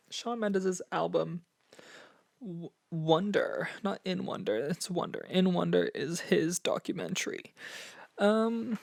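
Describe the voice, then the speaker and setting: A man's voice: high voice, gravelly, no echo, studio quality. A young man hosting a casual solo music review podcast. He sounds a little nervous and out of breath, chatty, with many fillers and restarts. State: slightly out of breath. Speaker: podcast host.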